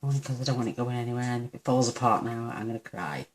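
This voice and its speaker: A fast-talking woman with a flat, bass voice hosts a relaxed papercraft tutorial at her desk. Chatty throughout, she swoons over how cute each step looks and pokes fun at herself.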